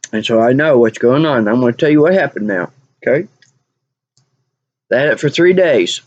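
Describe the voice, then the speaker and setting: A woman's voice: rumbling low, expressive, normal speed, pauses often, darkish tone, lo-fi sound. Exasperated woman telling a story. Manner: exasperated, repeats lines for emphasis. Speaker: vlogger. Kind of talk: animated personal storytelling.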